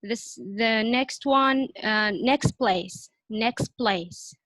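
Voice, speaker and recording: A woman student reads practice words aloud slowly and with care during an online class, hesitating as she explains a rule. Her voice sits a little high and sounds dry and close. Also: fairly bright tone, no echo. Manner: careful, hesitant reading. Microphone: video call.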